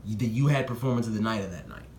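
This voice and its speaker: A young man in a casual vlog giving excited predictions and talking straight to the people he discusses. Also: racing, reverberant, slight background noise. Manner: excitable, talks straight to the rappers, jumps in pitch. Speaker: battle rap commentator.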